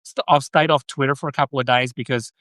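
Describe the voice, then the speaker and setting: An Australian man hosts a live stream and chats with his viewers in a rambling, self-correcting way. His voice is forceful and bright. It is recorded close and dry, with no room sound. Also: mid-range voice, steady tone, fast, no room sound. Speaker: podcast host. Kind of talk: live-stream chat answering viewer comments.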